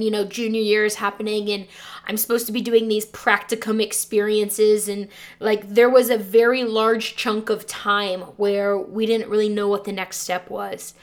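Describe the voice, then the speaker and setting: A young woman who teaches and hosts a podcast, recounting a hard time from her own life. She talks in an earnest, emotional way and often says "like". Her voice sits at a middle pitch. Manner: earnest, emotional, frequent "like" fillers. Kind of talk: personal storytelling podcast.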